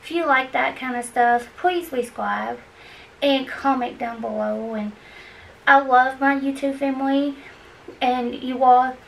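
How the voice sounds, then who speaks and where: A cleaning vlogger from Kentucky chats breathlessly to her viewers while she cleans, rambling and offering encouragement. Her voice sits high, and the recording is rough, with the mic far away.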